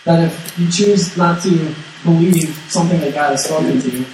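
A man's voice: on the high side, normal speed. A man preaching a casual, conversational sermon, often repeating words as he goes and acting out quotes along the way. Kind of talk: sermon, conversational Bible teaching. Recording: echoey hall, distant mic, faint noise.

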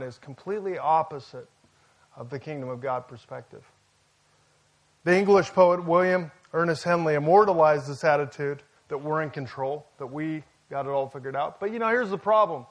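A man preaching a sermon in a casual, conversational way, with jokes and asides to the congregation. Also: sits high. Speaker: pastor.

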